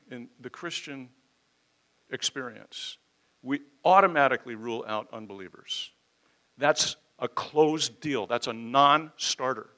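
A man's voice: medium pitch, pushed and bright. A man preaching an expository sermon in an emphatic, conversational way, with rhetorical questions and folksy asides.

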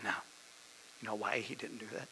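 A male preacher giving a dramatic sermon, swinging from loud declarations down to whispers. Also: fairly low pitch, steady tone, normal speed, creaky, slight background noise, poor audio.

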